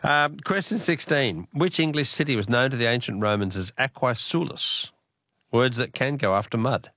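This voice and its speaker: An Australian man hosts a talkback quiz on radio, chatty and quick to laugh. He speaks at a middling pitch into a dry, close studio microphone. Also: lively intonation, fairly bright tone, no echo. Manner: chatty, laughs often, repeats quiz questions.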